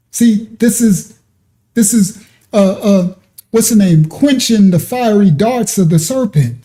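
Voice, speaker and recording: A man leads a Bible-study sermon in a high, dark-toned voice. He talks in an emphatic, conversational way, circling back and restarting his sentences as he explains the verses. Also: a little slow. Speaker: preacher.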